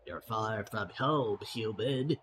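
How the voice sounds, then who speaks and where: A man's voice: lowish voice, slow, noisy background. A man voicing a boastful, cruel male gremlin lord in a computer game, in a smug, taunting, mock-regal manner.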